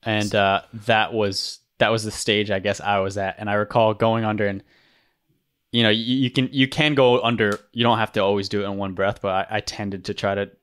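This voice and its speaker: A man's voice: lowish voice, flat delivery, brisk, a bit bright, clear, resonant tone. A man casually recounting a training story, rambling with many restarts. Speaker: former rescue swimmer guest.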